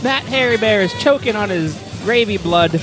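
A man's voice: high voice, animated, normal speed. A man co-hosting a comedy podcast, telling a crude rambling story with lots of swearing and exasperation. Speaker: podcast co-host. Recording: loud free jazz music behind.

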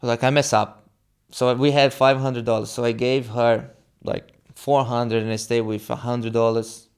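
A young adult man from Brazil, Portuguese being his first language, with a Brazilian accent, being interviewed and animatedly acting out quoted dialogue in halting English. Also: mid-range voice, clean tone. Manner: animated, acts out quoted dialogue, halting non-native phrasing. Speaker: guest. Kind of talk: casual storytelling interview.

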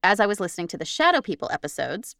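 A woman's voice: medium pitch, rapid-fire, vocal fry, dry recording, studio quality. A woman co-hosting a podcast, reading a listener's ghost story aloud with expression and laughing along. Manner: animated, laughing, reads with expression. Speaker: podcast co-host. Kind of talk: reading listener stories, casual banter.

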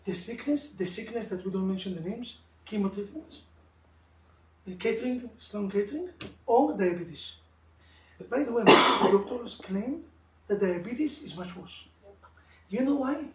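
A middle-aged rabbi with an Israeli accent tells stories to a couples class in lively, broken English, often mimicking other people's voices. He sits some way from the mic in an echoey room, with a faint hiss of noise behind him. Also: high voice, moderate pace, far from the mic. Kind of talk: informal religious class with stories. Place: room of a live-streamed class.

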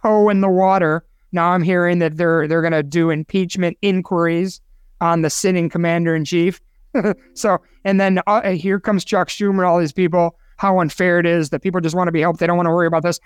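A man's voice: sits high, steady tone, fairly quick, smooth, no echo, studio quality. A man co-hosting a casual podcast chat, opinionated and rambling, getting himself worked up. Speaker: co-host.

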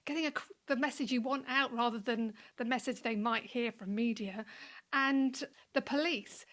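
Higher-voiced woman interviewer. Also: moderate pace, a bit bright. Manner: thoughtful, rephrasing questions as she goes. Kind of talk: interview questions.

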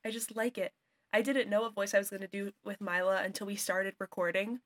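A woman cast member of a podcast chatting casually, halting and correcting herself as she talks. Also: mid-range voice, little pitch movement. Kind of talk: casual chat.

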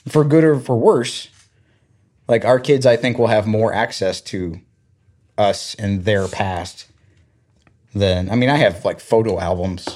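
A man's voice: fairly low pitch, unhurried, long pauses. A man in his thirties from Georgia in the US, telling family stories in a casual chat and acting out the voices of the people in them. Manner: animated retelling, acts out quoted voices.

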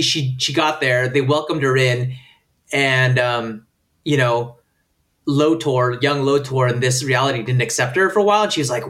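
A man's voice: fairly high pitch, fairly bright tone. A man chatting casually on a podcast, rambling with many restarts. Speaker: podcast co-host. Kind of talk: casual chat.

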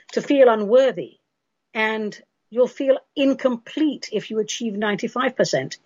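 A woman with a medium-pitched, breathy-edged voice hosts a radio program from England, with no room sound. She casually and emphatically works through listener questions with spiritual advice, and the recording is dull and lo-fi.

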